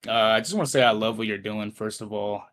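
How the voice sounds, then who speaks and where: A man's voice: fairly low pitch, quick pace, a bit bright. A man chatting casually in a laid-back, friendly way. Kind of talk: casual chat.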